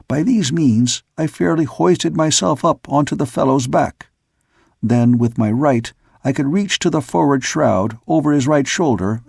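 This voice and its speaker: A male audiobook narrator reads in a measured storytelling manner. His voice is gravelly and husky, sitting at an ordinary pitch. The sound is close and dry, from a studio mic. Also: a little mellow, dry recording. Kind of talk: scripted narration.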